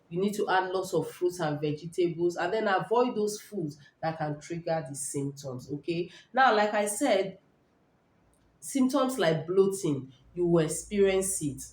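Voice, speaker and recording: A woman's voice: mid-range voice, a little mellow. A middle-aged Nigerian woman hosting a casual health talk, repeating points emphatically and checking in with "all right?". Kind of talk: casual live talk to viewers. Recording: echoey room.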